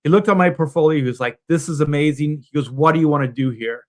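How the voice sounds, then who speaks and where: A middle-aged man tells a rambling personal story on a video call. His voice sits a bit high for a man. He drops into quick impressions of the people in his tale. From Southern California. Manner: animated anecdote teller, acts out quoted voices. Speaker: comic book artist guest on a panel stream.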